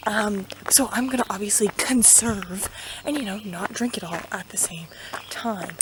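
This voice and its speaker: A woman's voice: medium pitch, normal speed, background noise. Breathless young woman vlogging outdoors. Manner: chatty and dramatic, many fillers. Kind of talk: casual storytime vlog while walking. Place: outdoors on a forest hill path. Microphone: handheld camera.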